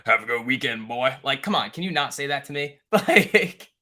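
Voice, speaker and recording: A man's voice: mid-range voice, fast, sharp tone. A young man hosting a live stock trading stream, talking loosely and profanely, joking with chat while he reads the charts. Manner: loose, profane, bro-talk banter with chat, chuckling. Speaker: stock trading livestream host. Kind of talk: casual live market commentary.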